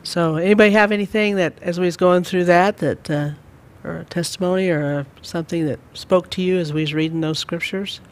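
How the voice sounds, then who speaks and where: Gentle rambling church teacher man. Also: sits high, steady tone, fairly quick, hardly any pauses. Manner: gentle, rambling, many fillers. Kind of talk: church Bible study teaching.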